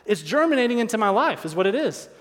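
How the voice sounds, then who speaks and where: A man's voice: high voice, sing-song, fast, in a large hall. A male pastor preaching a sermon, driving points home by repeating key lines and asking rhetorical questions.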